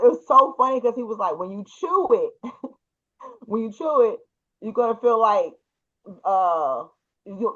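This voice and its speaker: High, bright-voiced man telling a story. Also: lo-fi sound. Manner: animated, laughing through the story. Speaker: podcast co-host. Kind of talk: casual storytelling chat.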